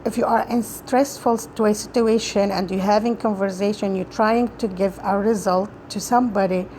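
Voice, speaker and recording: Woman reciting a talk with halting restarts. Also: mid-range voice, steady tone, darkish tone, a little hiss or hum, poor audio. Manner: halting, with frequent restarts and grammar slips. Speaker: student practicing a speech.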